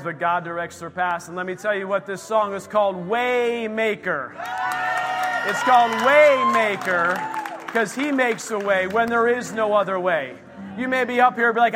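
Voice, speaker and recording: A man's voice: high-pitched, moderate pace, big-room sound, a crowd in the background, noisy background. A man leading worship, speaking to a church congregation in an upbeat, encouraging way. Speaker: worship leader. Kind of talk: casual church announcements.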